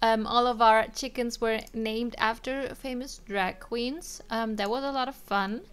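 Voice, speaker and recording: A woman's voice: a little high, steady tone, measured pace, a bit bright, clear, resonant tone. A young woman casually commenting on her life-simulation game, chatting to her characters with frequent ums and little laughs. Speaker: let's play streamer.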